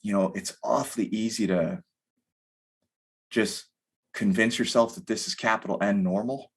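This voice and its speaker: A man's voice: lowish voice, steady tone, normal speed, breathy edge. A man in his thirties, a podcast guest talking candidly in a rambling way, full of fillers. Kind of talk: casual conversation.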